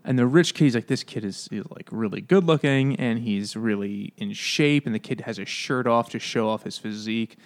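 Man, podcast co-host, casual book chat, laughs a lot, acts out lines loudly. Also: mid-range voice, normal speed, hardly any pauses. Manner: animated, laughing, acts out quotes with raised voice.

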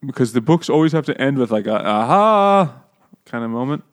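A man co-hosting a casual chat, recapping a book with profane jokes and quick asides. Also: medium pitch, sing-song. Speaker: podcast co-host.

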